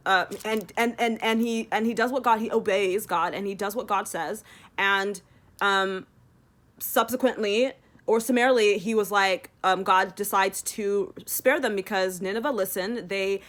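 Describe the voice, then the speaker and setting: A young woman in a casual devotional vlog, rambling and animated, using "like" constantly as she retells a story. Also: mid-range voice, measured pace. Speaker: Christian vlogger.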